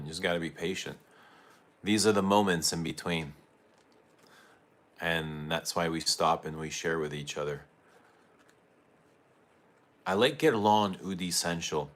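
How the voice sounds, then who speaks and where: Male livestream host, deep and bright-toned, chatty with viewers. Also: a little slow, pauses often. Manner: chatty, greets viewers and reads their comments aloud. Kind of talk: casual livestream chat with viewers.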